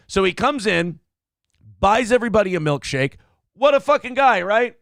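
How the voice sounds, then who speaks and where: A man's voice: high-pitched, lively intonation, moderate pace, vocal fry, fairly bright tone, no echo, studio quality. A man hosting a morning show, riffing crudely and comically in casual rambling chat. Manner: crude, joking, rambling storyteller.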